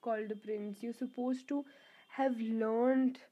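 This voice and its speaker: A young woman talks straight to her viewers in a casual, rambling monologue, stopping often to restart her sentences. Her voice sits a little high. The recording sounds dull and lo-fi. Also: steady tone, slow, mellow. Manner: rambling, many fillers and restarts. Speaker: vlogger.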